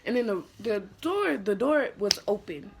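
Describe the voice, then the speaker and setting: A young woman vlogger telling a personal story in a somber, halting way, full of "like" fillers and restarts. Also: medium pitch, big pitch swings, gravelly, background noise. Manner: somber, emotional retelling. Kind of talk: storytime vlog.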